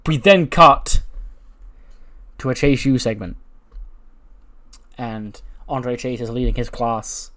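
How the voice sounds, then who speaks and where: A man's voice: mid-range voice, slow pace, pauses often, a bit bright, faint music behind. A man casually narrating a wrestling management game, chatty and often laughing. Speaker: game commentator. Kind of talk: casual let's-play narration.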